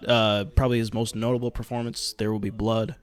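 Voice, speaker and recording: Casting: male film-podcast co-host, easygoing, quick to laugh, casual swearing. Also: on the low side, flat delivery, smooth. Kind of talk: casual chat.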